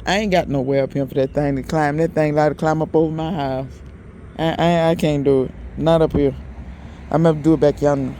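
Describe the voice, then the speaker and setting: A man's voice: a little high, steady tone, a little fast, warm tone, a little hiss or hum. Chatty man in his yard. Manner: chatty, folksy, talks straight to viewers as y'all. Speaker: gardening vlogger. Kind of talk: casual garden walkthrough vlog. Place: outdoors in a yard.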